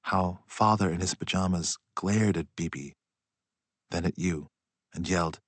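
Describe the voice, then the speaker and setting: A man reading a literary story aloud in a slow, hushed and reflective way. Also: sits low, no echo. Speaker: audiobook narrator. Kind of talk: literary audiobook narration.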